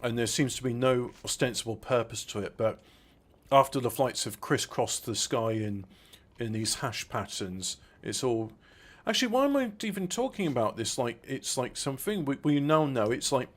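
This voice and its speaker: A man drifts through a casual podcast chat at an ordinary pitch. He trips over his own sentences, restarting and padding with fillers as he goes. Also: expressive. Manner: rambling, halting, with many restarts and fillers. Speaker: podcast co-host.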